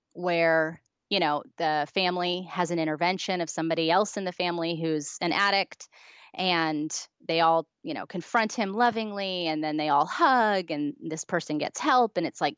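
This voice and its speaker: A woman's voice: fairly low pitch, fairly bright tone, no echo, lo-fi sound. A woman being interviewed as a guest author, earnestly telling a personal story and acting out the past dialogue.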